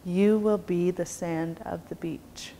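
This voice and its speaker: A woman voicing a calm male transformer spirit who grants wishes in slow, solemn words. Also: fairly low pitch. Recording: long reverb, faint background noise.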